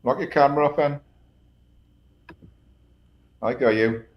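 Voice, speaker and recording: A male host of a live chat stream, cutting in with quick, brief remarks. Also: mid-range voice, steady tone, dull audio.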